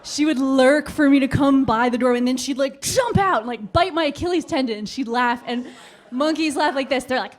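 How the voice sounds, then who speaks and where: A stand-up comedian in her twenties performs a routine on a club stage, telling a story with animated delivery and acted-out voices. Her voice sits high, and she speaks briskly with few pauses.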